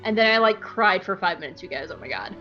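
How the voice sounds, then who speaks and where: A woman hosting a podcast, recapping an episode in an animated, profane, jokey way on a close mic. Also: mid-range voice, fast talker, highs cut off, soft background music. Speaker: podcast host.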